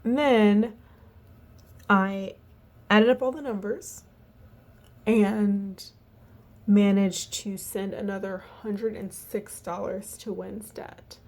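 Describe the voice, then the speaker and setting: A woman walking through her family budget in a casual, halting way, tired and yawning, with lots of fillers. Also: mid-range voice, steady tone, a little mellow. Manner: chatty, halting, many fillers and restarts. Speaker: budgeting vlogger.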